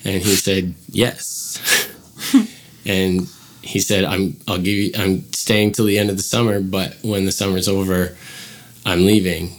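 A man's voice: sits low, level tone, moderate pace. A man casually telling a personal story as a guest, rambling with many fillers and acting out quoted dialogue.

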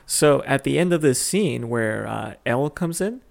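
Man, podcast co-host, gravelly voice with fry, easygoing, lots of fillers. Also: medium pitch, animated, normal speed. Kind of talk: casual chat.

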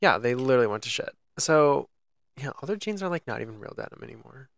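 A young man talks in a relaxed, rambling way, piling up fillers as he tells a story. His voice has a gravelly edge, and it sits in a dry, close recording with no room sound. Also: mid-range voice, quick pace, no echo. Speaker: podcast co-host. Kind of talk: casual chat.

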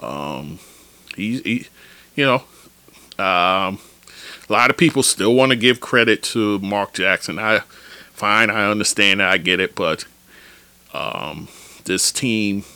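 A man hosts his own basketball podcast, talking in a lively, slangy, opinionated rant. His fairly low voice has a bright, forceful edge. It sits close and dry on the mic. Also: takes it slowly, long pauses, no echo. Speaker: podcast host.

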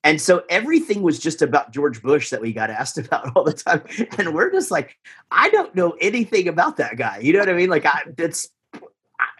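Husky-voiced man, rambling. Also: a little high, expressive, brisk, fairly bright tone. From Texas, USA. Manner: rambling, lots of fillers and restarts, easygoing. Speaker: guest musician. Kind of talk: casual interview chat.

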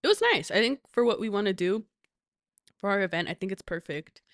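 A woman co-hosting a podcast in a studio, lively and expressive, giggling and saying "like" a lot. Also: mid-range voice, a little fast, no echo. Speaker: podcast co-host. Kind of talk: casual chat.

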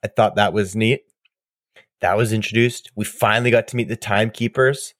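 A man co-hosting a podcast in casual chat, excitable and rambling, often laughing and restarting his sentences. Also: lowish voice, moderate pace, dry recording, clean studio sound. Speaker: podcast co-host.

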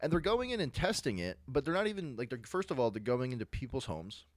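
A man's voice: mid-range voice, big pitch swings, quick pace, no room sound. A young man with a Philadelphia-area accent, telling stories animatedly in casual chat, laughing often and full of fillers.

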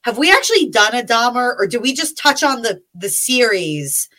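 Woman co-host, chatty, explains things fast, fairly high and bright voice. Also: very animated, poor audio. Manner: quick, chatty, explains plans. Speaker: podcast co-host. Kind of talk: casual chat.

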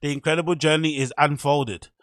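A man's voice: a little high, steady tone, fairly quick, no echo, clean studio sound, natural voice. A man reading out an announcement in a put-on German accent, stiff and formal. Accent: mock German.

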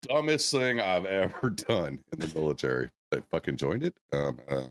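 A retired military man trades blunt, swearing quips in casual podcast chat. His voice is low, yet it swings widely in pitch, which gives his jokes real bounce. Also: expressive. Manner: blunt, swearing, quick jokey interjections.

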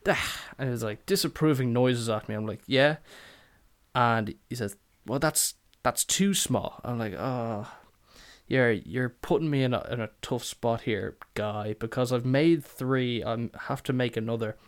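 A man's voice: medium pitch, a little slow, smooth. A man hosting a podcast, telling a sweary, exasperated story and acting out both sides of the exchange. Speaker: podcast host. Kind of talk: casual storytelling rant.

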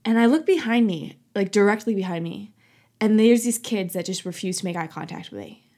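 A young woman in her twenties hosting a casual solo talk show, telling a story in a chatty, animated way with lots of "like" and "um" and frequent laughter. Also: mid-range voice, a little fast. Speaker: podcast host.

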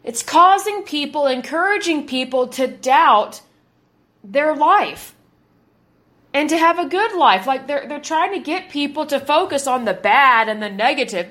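A woman's voice: sits high, lively intonation, a little slow, a bit bright. A woman in her thirties hosting a podcast, giving an indignant, emphatic commentary and repeating words for force. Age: 30s. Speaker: podcast host. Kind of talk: opinionated commentary monologue.

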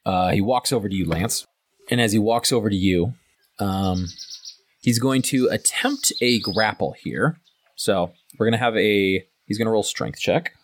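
Low-voiced man running a tabletop game. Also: moderate pace. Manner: casual, loose narration with many fillers. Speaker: game master.

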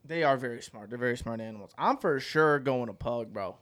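A young man co-hosting a podcast, chatting casually in an excitable, pushy, slangy way. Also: medium pitch, brisk. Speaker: podcast co-host. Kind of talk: casual chat.

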